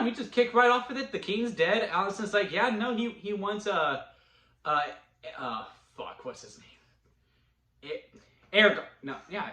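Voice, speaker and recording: Guy rambling about a tv episode at home, bright voice that jumps all over, echoey room. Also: fairly high pitch. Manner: animated, rambling, with frequent restarts and laughs. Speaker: TV episode reviewer. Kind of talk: casual recap and commentary. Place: at home with a dog.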